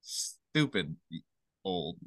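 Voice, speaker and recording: A man talking as a podcast guest in casual chat, rambling excitedly through one number theory after another. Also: extremely slow, no room sound, clean studio sound.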